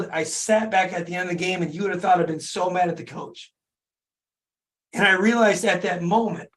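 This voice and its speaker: Hoarse, high-voiced motivational man. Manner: fervent, repetitive, preaching, casual slang. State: hoarse from laryngitis. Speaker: podcast host, dentist and business owner. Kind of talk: motivational talk. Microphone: speaking to an online call audience.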